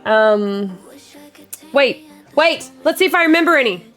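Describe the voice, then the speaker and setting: A woman's voice: high-pitched, expressive, unhurried, fairly bright tone, soft background music. A woman streamer joking and chatting casually with her viewers. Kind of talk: casual live-stream chat.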